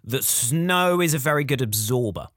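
A man's voice: mid-range voice, animated, moderate pace, a bit bright, no room sound, studio quality. A young man co-hosting a podcast, explaining things patiently and step by step in casual chat. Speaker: podcast co-host.

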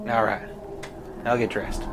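A man's voice: mid-range voice, sing-song, unhurried, creaky, a little hiss or hum. A man running a tabletop game as game master, mixing dramatic narration with casual asides.

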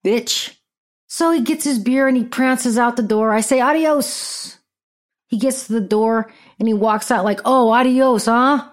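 A woman's voice: a little high, normal speed. Blunt, profane woman ranting on a podcast. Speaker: podcast host. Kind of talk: casual storytelling rant.

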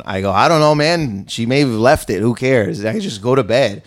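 A man's voice: medium pitch, moderate pace. A male comedian telling a story in casual chat, swearing and acting out the people in it. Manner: animated, swearing, acts out quotes. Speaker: guest comedian.

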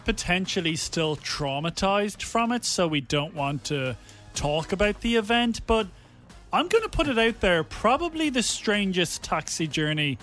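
Radio co-host, slightly high voice, bouncy teasing banter, faint music behind. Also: male voice, big pitch swings, a little slow, a bit bright. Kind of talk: casual chat.

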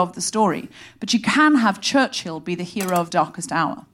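A woman hosting a comedy podcast, delivering an animated, sardonic stand-up monologue on a live stage into a stage mic. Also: on the low side. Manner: animated, sardonic, rapid comic storytelling. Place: live theatre stage before an audience.

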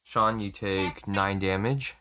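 A man in a relaxed manner, narrating a tabletop game as game master and laughing along. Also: on the low side, slow pace, noisy background. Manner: laid-back, laughing through narration.

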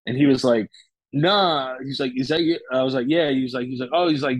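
A man's voice: medium pitch, steady tone, brisk, no room sound, poor audio. Young man telling a loose story. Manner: loose, profane, lots of fillers and restarts. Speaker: guest. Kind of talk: casual storytelling.

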